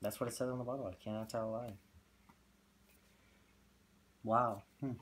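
A man co-hosting a casual product review, joking with goofy hype and deadpan asides. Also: medium pitch, fast, breathy edge. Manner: goofy, loud hype bursts, deadpan jokes. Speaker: co-host of a fragrance review channel.

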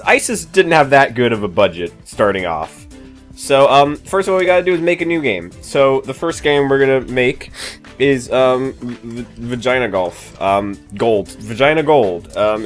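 A gaming YouTuber gives comedic let's-play commentary, goofing around and cracking jokes with sudden excited yelps. His voice is medium in pitch.

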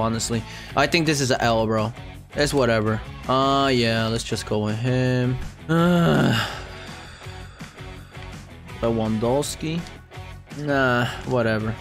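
A young gaming YouTuber gives casual commentary over gameplay in a medium-pitched voice. He's excitable and repetitive, and he swears freely.

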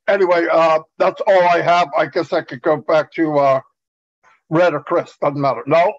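A man's voice: on the high side, steady tone, normal speed. A man giving an earnest, repetitive pep talk as a webinar presenter over an online video call. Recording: dull lo-fi call audio.

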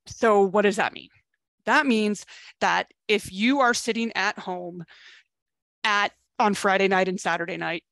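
Middle-aged female dating coach, middle pitch, dry close sound, frank and chatty tough-love delivery. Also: no room sound. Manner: blunt tough-love pep talk, casual and chatty with swearing. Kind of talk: coaching video talk to camera.

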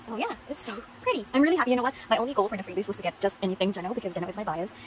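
A woman's voice: mid-range voice, very fast, slight background noise, low-quality recording. A woman showing off her concert haul in a casual vlog, gushing and repeating herself. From Philippines. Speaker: vlogger.

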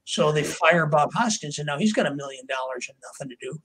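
A man's voice: a little high, lively intonation, fairly quick, a bit bright, husky, poor audio. An older man, a writer being interviewed, telling long anecdotes with plenty of fillers and restarts. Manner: rambling, with many fillers and acted quotes of others. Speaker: author and interview guest. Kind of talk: anecdotal storytelling in a podcast interview.

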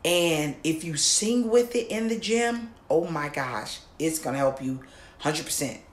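A woman voice coach teaching an online lesson, who often repeats herself and checks in with "okay?", now and then singing or shouting demonstrations. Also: low-pitched, lively intonation, measured pace, reverberant. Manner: repeats words, checks in with "okay?" and "all right?"; sings demo lines and shouts "ha!" exercises.

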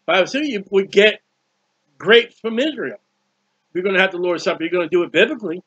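Man preaching, high pitch, fervent and repetitive, dry dull lo-fi sound. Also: animated, fairly quick, fairly bright tone, husky, dry recording. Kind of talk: sermon. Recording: dull lo-fi recording.

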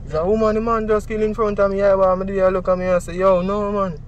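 A young man with a strong Jamaican accent, recounting events in an interview with lively acted-out speech. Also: high-pitched, fast, lo-fi sound, slight background noise. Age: young adult. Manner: animated, heavy Jamaican Patois, acts out quoted speech.

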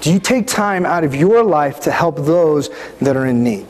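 A man's voice: a little high, animated, moderate pace, darkish tone. A middle-aged male pastor preaching a sermon in a church, speaking conversationally and often asking the congregation questions. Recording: reverberant hall, faint background noise.

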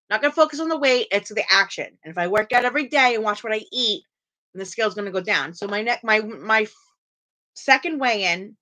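With a bright, mid-range voice, a woman livestreams her home workout and chats to viewers, rambling, restarting frequently, and reacting to the live chat. She's in a small room at home, recorded on a camera or phone with poor audio.

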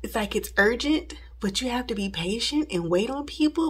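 A woman's voice: medium pitch, expressive, moderate pace, hardly any pauses, a bit bright, husky. A woman recording a casual home vlog, chatting straight to her viewers from her house. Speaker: home vlogger. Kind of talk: casual chat to camera.

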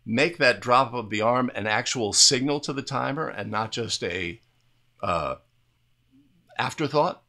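A man with a bright, forceful voice talks through game footage like a coach at a whiteboard. He explains each point plainly, restarts his sentences now and then, and keeps asking "right?" to bring the listener along. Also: medium pitch, unhurried. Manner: explanatory, repeatedly tags statements with "right?"; restarts and fillers while talking over video. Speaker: basketball officiating instructor. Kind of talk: video play review commentary.

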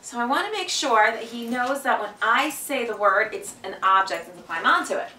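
A woman dog trainer, recorded far from the mic in an echoey indoor room with a bit of hiss or hum, talks at a moderate pace. She calmly explains a training exercise, then breaks into sharp, upbeat commands and high praise for her dog during this hands-on demonstration.

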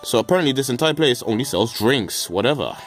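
A man's voice: medium pitch, animated, fast, soft background music. A man giving casual, joking commentary over a video game, rambling with mild swearing and stammered restarts. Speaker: let's play gamer.

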